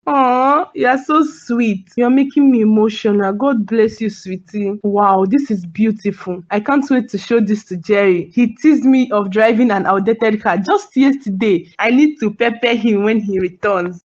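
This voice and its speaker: A woman's voice: medium pitch, a little slow, hardly any pauses, a little mellow, muffled recording, lightly acted. A woman with a Nigerian accent voicing a doting, proud wife and mother in a cartoon, effusive and full of sighs of delight. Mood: gushing. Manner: effusive, sighing "aw", laughs often. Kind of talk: cartoon voice acting.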